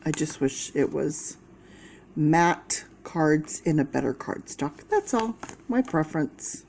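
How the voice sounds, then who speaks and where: Slow-talking woman reading tarot. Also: deep voice, animated, creaky, a little mellow, slight background noise. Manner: slow, chatty, talking to viewers. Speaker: tarot reader.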